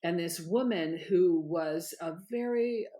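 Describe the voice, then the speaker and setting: A middle-aged woman, a guest on an interview show, telling stories in an animated, emphatic way. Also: on the low side, slow pace. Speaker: guest, author and former candidate. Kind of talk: conversational interview storytelling.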